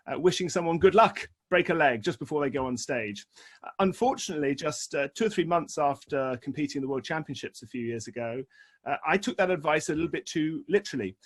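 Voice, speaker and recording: A man in his forties telling a personal story on an online video call, animated and self-deprecating, jumping up in pitch when he voices his own past reactions. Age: 40s.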